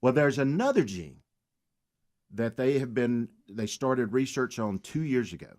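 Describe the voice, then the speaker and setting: A man's voice: medium pitch, expressive, unhurried, a little mellow. A man, a guest on a talk radio show, telling his story earnestly and mentioning his faith.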